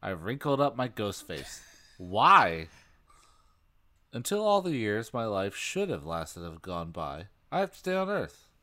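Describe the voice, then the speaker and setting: A man's voice: lowish voice, huge pitch swings, unhurried, pushed and bright. A man co-hosting a comedy podcast, reading a book aloud with dry, mocking asides. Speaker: podcast co-host.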